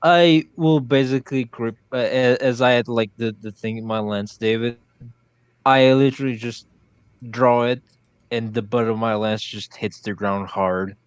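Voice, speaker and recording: A man's voice: medium pitch, steady tone, normal speed, clear, resonant tone, no echo, muffled recording. A man playing in a tabletop game who thinks aloud hesitantly and swears casually. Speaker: player.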